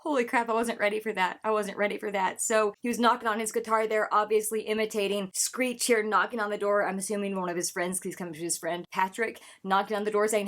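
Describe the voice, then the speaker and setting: A woman hosting a music reaction video, gushing and excitable as she explains the song. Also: mid-range voice, fast, few pauses.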